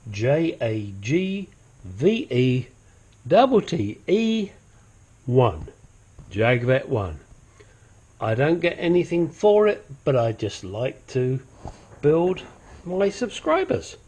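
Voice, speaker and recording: This home mechanic host has a rather high, very animated voice that's slow, darkish, and a bit breathy. Chatting casually during a brake and control arm job, he swears now and then, wanders into asides, and sometimes adopts a silly accent.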